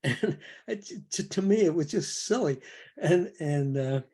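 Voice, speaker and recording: A man's voice: fairly high pitch, animated, measured pace, warm tone, slightly rough. An older man, a producer, telling a long anecdote as a guest on a video call interview, rambling and chuckling as he goes. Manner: rambling, self-correcting, chuckling.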